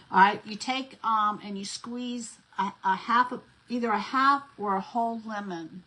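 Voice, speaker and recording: Woman, middle-aged, husky, casual rambling craft vlog chat, lots of fillers. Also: medium pitch, a bit bright, rough recording. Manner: rambling, many fillers and restarts. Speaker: craft vlogger.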